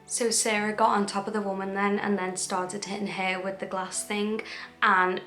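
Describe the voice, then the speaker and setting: A woman's voice: medium pitch, little pitch movement, normal speed, a bit bright, faint music behind. A young woman vlogger retelling a true crime story in a chatty way, acting out the quoted dialogue. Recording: echoey room.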